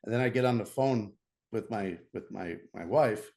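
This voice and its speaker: A middle-aged American man, a podcast guest, telling a story in a casual, animated way, often laughing and restarting his sentences. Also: on the low side, moderate pace, gravelly.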